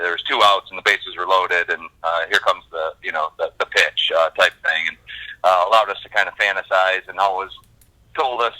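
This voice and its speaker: A man's voice: on the low side, sharp tone. A man chatting as a guest by phone, rambling with many fillers and restarts. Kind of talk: casual phone interview. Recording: phone line.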